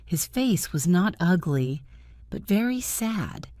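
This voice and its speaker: Slow, low-voiced woman narrating a story. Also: big pitch swings, warm tone, dry recording, clean studio sound. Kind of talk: slow graded reader narration for learners.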